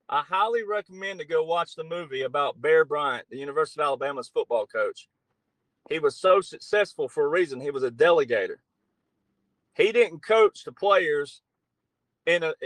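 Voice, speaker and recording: A man's voice: sits high, dry recording, rough recording. A middle-aged man talking as a podcast guest, blunt and emphatic, with some profanity. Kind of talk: political talk show conversation.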